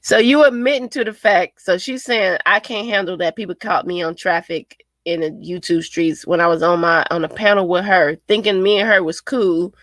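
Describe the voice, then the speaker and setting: Bright-voiced woman venting in heated chat. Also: lowish voice, normal speed, few pauses, dry recording. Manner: animated, swearing, quotes others in put-on voices. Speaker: co-host. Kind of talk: heated casual commentary.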